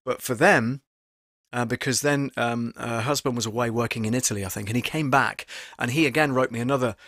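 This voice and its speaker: A man, a voice actor hosting a live stream and talking his viewers through his work in a chatty, animated way full of fillers. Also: mid-range voice, fast, no room sound, clean studio sound. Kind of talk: casual live-stream teaching talk. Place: home studio booth. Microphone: studio microphone at close range.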